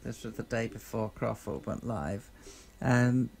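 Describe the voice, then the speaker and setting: A man streaming a space survival game, talking casually in a halting, rambling way full of fillers and restarts. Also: medium pitch, gravelly, a little mellow, husky. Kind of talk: casual gameplay chat. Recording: noisy game sound behind the voice.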